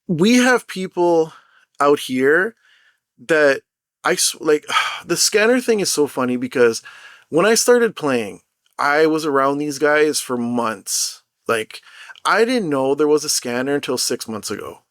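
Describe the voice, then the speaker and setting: A young man on an unscripted vlog rant, rambling and swearing freely as he tells his story with plenty of animation. His voice sits a bit higher than most men's. The sound is close and dry, with no room echo. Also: animated, measured pace, a bit bright. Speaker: mobile game content creator.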